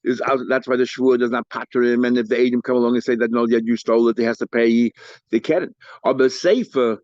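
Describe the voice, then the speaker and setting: A man teaching a daily Talmud lesson, mixing English with Hebrew and Aramaic study terms and acting out the litigants' lines in quick bursts. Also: medium pitch, steady tone, a little mellow, no room sound. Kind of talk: daf yomi Talmud lecture. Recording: dull, lo-fi dry recording.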